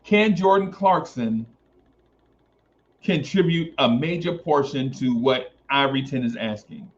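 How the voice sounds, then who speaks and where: A man's voice: mid-range voice, animated, a little slow. A man hosting a casual sports talk stream, reading chat comments aloud and repeating phrases for emphasis. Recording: dull lo-fi stream audio.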